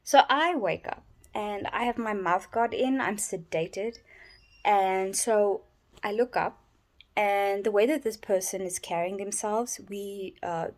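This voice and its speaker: A sleep-deprived woman talks at medium pitch in her bedroom vlog. She sounds worn out, yawning mid-ramble and breaking off to restart often.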